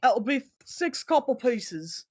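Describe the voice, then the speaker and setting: Woman playing a gruff, curt tavern keeper. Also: on the high side, sing-song, slow pace, darkish tone, pitched above the performer's own voice, heavily acted. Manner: curt, swearing, accent drifting British to New Jersey. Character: gruff foul-mouthed male tavern keeper.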